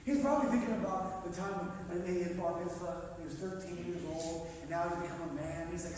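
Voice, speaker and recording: High-voiced preacher in echoey hall. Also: male voice, a little fast, few pauses, slight background noise. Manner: animated, acts out dialogue, rising and dropping volume. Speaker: pastor. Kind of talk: sermon. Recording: echoey hall, mic from far off.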